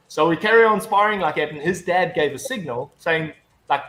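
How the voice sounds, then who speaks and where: A man's voice: fairly high pitch, fairly quick, bright, forceful tone. A man in casual chat, telling a long anecdote full of swearing and restarts. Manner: rambling storyteller, heavy swearing, frequent restarts. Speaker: guest.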